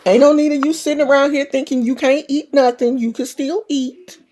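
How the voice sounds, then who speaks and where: A woman's voice: high-pitched, fairly even intonation, a little fast, dark tone, pitched above the performer's own voice, close to an everyday voice. A woman voicing God as a stern but loving fatherly figure who talks bluntly, scolding and reassuring her in turn.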